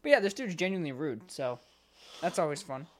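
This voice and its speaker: A man co-hosts a casual podcast, telling stories in an animated way and laughing often. His voice sits slightly high. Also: brisk. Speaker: podcast co-host. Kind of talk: casual chat.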